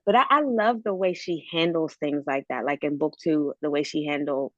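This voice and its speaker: A woman's voice: low voice, moderate pace, dry recording. A woman speaks earnestly in a casual book club chat. Her audio is dull and lo-fi, and the sound is dry.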